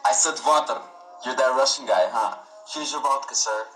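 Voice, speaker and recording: A man's voice: mid-range voice, normal speed, fairly bright tone, close to an everyday voice. A man playing a sarcastic young male cafe cashier in a comedy sketch, teasing a customer. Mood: mocking. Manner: mocking, teasing. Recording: roomy clip with music under it.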